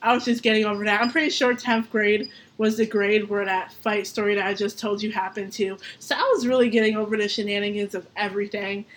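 A woman's voice: medium pitch, fairly quick, few pauses. A young adult woman hosting a podcast, telling a story casually with swearing and frequent laughter. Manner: animated, profane, laughs often. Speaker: podcast host.

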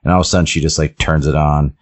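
A man's voice: rumbling low, very fast. A man in casual podcast chat, retelling a show's plot in a loose, rambling way and briefly acting out the characters' lines. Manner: animated storyteller, briefly acting out quoted lines; loose and rambling, many "he's like" and "like" fillers.

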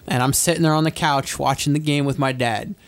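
A man's voice: medium pitch, fairly even intonation, a little fast. A young man in casual sports chat, telling a long rambling story with frequent laughs and swearing. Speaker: podcast co-host.

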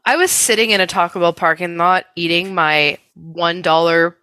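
Bright-toned woman, dry close sound. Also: lowish voice, moderate pace, no echo. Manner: swears a lot, laughs heartily, animated retelling. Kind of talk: casual comedic chat.

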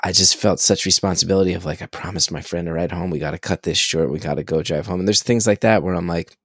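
Animated, low-voiced man telling stories. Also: fast talker, dry recording, studio quality. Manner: animated, excitable storyteller, swears freely. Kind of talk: casual conversation.

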